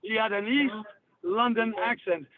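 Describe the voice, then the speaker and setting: High-voiced blunt man on a phone line. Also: a little slow, crowd noise. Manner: rambling, blunt and profane. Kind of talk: rambling call-in chat. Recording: tinny phone line with hiss.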